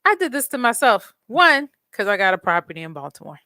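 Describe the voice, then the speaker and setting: A woman hosting a podcast, telling a story in an animated, blunt way, swearing freely and acting out quotes. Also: fairly high pitch, fairly quick, no echo. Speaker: podcast host. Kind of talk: casual storytelling chat.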